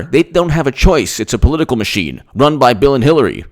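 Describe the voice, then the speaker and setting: A man's voice: medium pitch, big pitch swings, fast talker. A man delivering an opinionated political monologue, emphatic and repetitive, firing off rhetorical questions and laughing between points. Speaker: political commentator.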